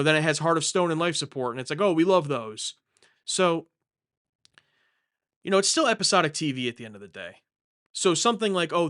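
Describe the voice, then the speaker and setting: A young man hosts a live question-and-answer stream from home, rambling and joking as he answers viewers. His voice is smooth and clear and sits a little high for a man. He often restarts and corrects himself as he talks. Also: a bit bright. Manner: rambling, self-correcting, jokey. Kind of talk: casual live Q&A chat.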